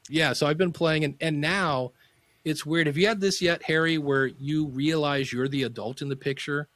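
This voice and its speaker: A man's voice: fairly high pitch, moderate pace, no room sound. A man in his fifties telling stories as a podcast guest, acting out the voices of people in them. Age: 50s. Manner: animated storyteller acting out quoted voices. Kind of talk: casual interview storytelling.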